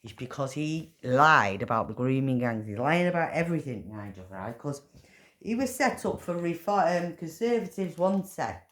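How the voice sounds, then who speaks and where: A woman's voice: sits low, lively intonation, normal speed, reverberant. Furious swearing woman ranting. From England. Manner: furious, swearing, repeats points emphatically. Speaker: vlogger. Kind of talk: angry political rant.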